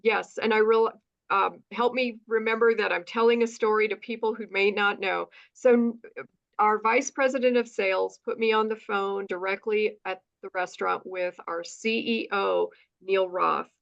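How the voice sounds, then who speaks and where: A woman's voice: mid-range voice, moderate pace, gravelly, muffled recording. A woman from the United States, a guest in an interview, telling her story with lots of acted-out dialogue and frequent asides of "right?". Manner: animated, acts out dialogue, says "right?" often.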